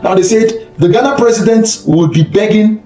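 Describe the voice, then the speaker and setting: A man's voice: high voice, normal speed, warm tone, roomy sound, soft background music, low-quality recording. A man delivering a ranting online commentary, mocking and breaking into scornful laughter.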